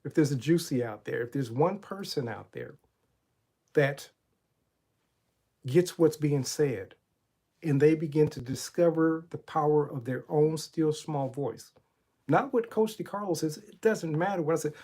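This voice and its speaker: A middle-aged man gives a spiritual motivational talk, his voice pitched a little high but warm and mellow. He speaks like a preacher, retelling Bible stories and posing rhetorical questions to the listener. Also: unhurried. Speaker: motivational coach and channel host.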